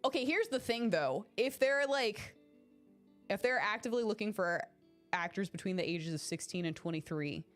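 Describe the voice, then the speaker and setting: Young woman streamer, getting over an illness, excitable and foul-mouthed, calls out chat members by name; light music bed. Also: mid-range voice, normal speed. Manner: excitable, swears freely, talks to chat by name. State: recovering from illness. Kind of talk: casual live-stream chat.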